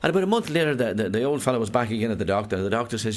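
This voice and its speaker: A man with an Irish accent telling jokes as a stand-up comedian, rambling quickly through stories with frequent restarts. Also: mid-range voice, animated.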